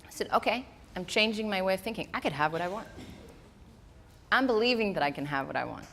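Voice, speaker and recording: A woman who is not a native English speaker, giving a lively storytelling motivational talk to a live audience. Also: medium pitch, fast talker, creaky, a little hiss or hum. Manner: animated storytelling, acting out her own inner voice. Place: event hall before a live audience.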